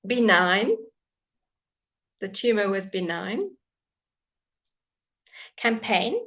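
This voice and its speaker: A woman teaching a live online English pronunciation lesson from home, patient, repeating words slowly for learners to copy, with dry asides and soft laughs. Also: medium pitch, highs cut off.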